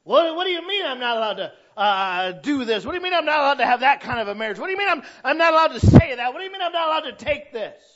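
A man voicing an indignant sinner who fires off rapid, shrill protests against God's rules. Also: expressive, fairly bright tone, highs cut off.

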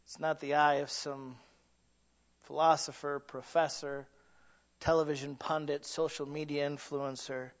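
Guy preaching a sermon, kinda high voice, goes quiet then builds up loud, acts out voices in his stories, muffled lo-fi sound. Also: flat delivery, measured pace. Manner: swings from hushed low lines to loud rising peaks; acts out quoted voices in storytelling. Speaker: pastor. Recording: dull lo-fi recording.

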